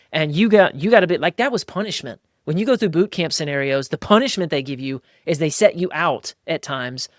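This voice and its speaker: A man hosting a podcast, talking in a casual, emphatic way and jumping into higher, livelier voices when he acts out quotes. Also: no room sound, studio quality. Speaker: podcast host. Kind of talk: casual podcast talk on faith and marriage.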